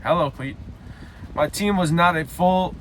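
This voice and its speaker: A young man reading a story aloud haltingly, breaking off for loud self-mocking side comments. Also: fairly high pitch, a little hiss or hum. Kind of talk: casual read-aloud with joking asides.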